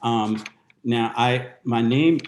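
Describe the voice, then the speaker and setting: A man in his fifties from the United States, introducing himself on a video call in a soft, halting, storytelling way. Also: mid-range voice, slight background noise. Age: 50s. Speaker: guest dancer. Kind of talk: casual video-call interview. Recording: roomy echo.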